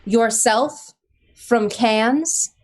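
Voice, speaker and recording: A woman's voice: on the high side, extremely slow, darkish tone. A woman improvising as a mock-earnest news anchor in a live comedy sketch, often slipping into laughter. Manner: mock-earnest newscaster delivery, breaking into laughs.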